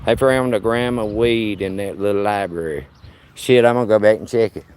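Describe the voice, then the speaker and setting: A man's voice: on the low side, moderate pace, a little mellow, a little hiss or hum. A man, chatting casually on a live stream as he walks his dog outdoors. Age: 50s. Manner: talks to his dog as he strolls, folksy and joking. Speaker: vlogger. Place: outdoors on a neighborhood street. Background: faint outdoor ambience.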